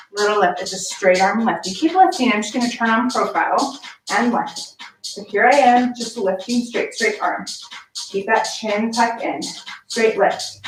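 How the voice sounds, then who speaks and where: A woman's voice: fairly high pitch, distant mic, a little hiss or hum. Breathless upbeat woman fitness instructor. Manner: upbeat, encouraging, counting reps. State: slightly out of breath. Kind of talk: home workout instruction. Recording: echoey room, voice from off-mic. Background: background music.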